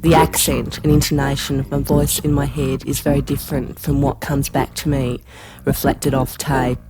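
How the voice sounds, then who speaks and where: A speaker with a broad Australian accent and a nasal voice, talking in a thoughtful, halting monologue for a radio art piece. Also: mid-range voice, little pitch movement, background noise. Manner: thoughtful, halting, with frequent ums. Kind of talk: reflective spoken monologue.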